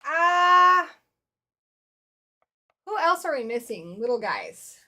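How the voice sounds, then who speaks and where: A woman with a high, bright voice hosts a casual livestream. She chats quickly and reacts to viewers, calling out their names as she reads comments. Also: big pitch swings. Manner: chatty, quick to react, talks to viewers by name. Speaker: livestream host.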